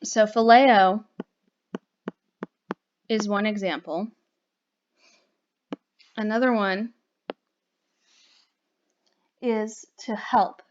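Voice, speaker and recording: Slow, patient woman teaching grammar. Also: mid-range voice, fairly even intonation, lo-fi sound, a little hiss or hum. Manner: patient, explanatory, frequent "okay?" and "right?" checks. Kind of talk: recorded grammar lesson.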